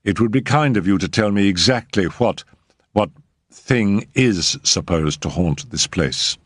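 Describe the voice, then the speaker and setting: A man voicing a cool, practical, brusque middle-aged woman, speaking dryly and slowly. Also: fairly low pitch, expressive, no echo. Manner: dry, slow, measured. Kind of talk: audiobook character reading.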